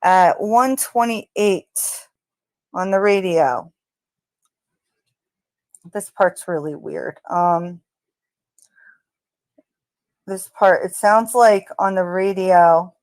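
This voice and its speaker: A woman's voice: fairly low pitch, extremely slow, pauses often, darkish tone, no room sound. A woman narrating her analysis of crime-scene audio, speaking tentatively with fillers and speculation. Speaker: true crime commentator.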